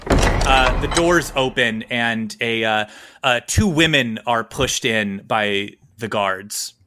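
A man's voice: mid-range voice, slow, bright, forceful tone. A man narrating a tabletop game as game master, improvising with frequent fillers.

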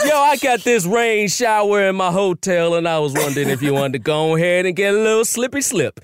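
A man's voice: high-pitched, animated, brisk, smooth, no room sound, clean studio sound. A man putting on a friendly, laid-back Barbadian father voice, with a Barbadian accent and a casual, slangy manner. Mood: chummy. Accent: Barbadian, put on.

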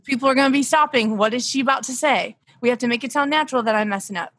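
A woman's voice: a little high, racing, fairly bright tone. A young woman hosting a comedy podcast over a remote call, scolding and ditzy, often cracking herself up. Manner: ditzy, scolding, breaks into laughs. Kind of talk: improvised comedy bit.

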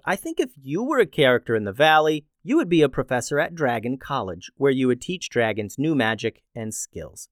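A man hosting a children's story podcast and narrating in a friendly, expressive way. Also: mid-range voice, no room sound, clean studio sound.

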